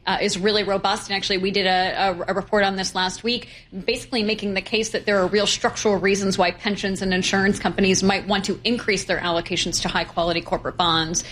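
A woman guest on a financial talk show, explaining credit and bond markets in a measured, fluent way with occasional fillers. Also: mid-range voice, fairly even intonation, fairly bright tone, a little hiss or hum. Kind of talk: financial interview, analytical.

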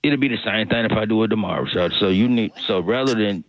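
A man's voice: on the low side, quick pace, dry recording. Drawling man on a tinny phone line. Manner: drawling, repetitive, excuse-making. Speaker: caller. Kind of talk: comic phone bit.

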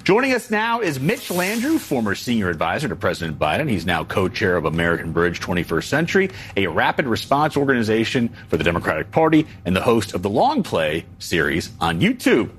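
A male news talk host introducing a segment, his low voice swinging widely in pitch. He reads from a script but drops in casual asides. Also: wildly swooping pitch, fairly quick, few pauses, a bit bright.

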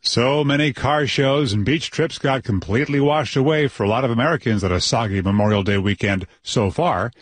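A man anchoring a radio newscast, reading headlines with a brisk, measured delivery. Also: medium pitch, dry recording. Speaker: news anchor. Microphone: dry studio mic.

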